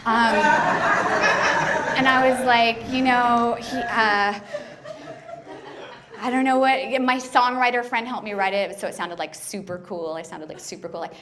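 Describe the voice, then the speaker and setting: A woman on a club stage spinning a stand-up story about herself, loose and self-mocking, with "like" all through her lines. Her voice sits a little high. A faint hiss runs under the room. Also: fairly even intonation, unhurried, long pauses. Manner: chatty, self-deprecating, peppered with "like". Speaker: stand-up comedian.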